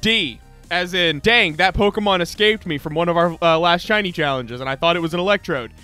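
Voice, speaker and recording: A young man from the United States, a joking contestant in a friends' game show, stammering and quick to laugh. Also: sits high, sharp tone, smooth, faint music behind. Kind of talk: casual banter between friends.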